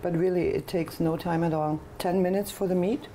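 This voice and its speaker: A chatty, enthusiastic woman hosts a cooking show from a studio kitchen. Her voice sits a little low and sounds warm and mellow, with a faint hum of room noise behind it. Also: steady tone, normal speed. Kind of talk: casual chat on a TV cooking show.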